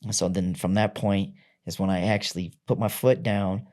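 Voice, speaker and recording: A man's voice: deep voice, fairly even intonation, moderate pace, a little mellow. Blunt, profane man telling his story. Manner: blunt and profane, acts out quoted voices. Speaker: podcast guest, rapper. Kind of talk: candid personal storytelling.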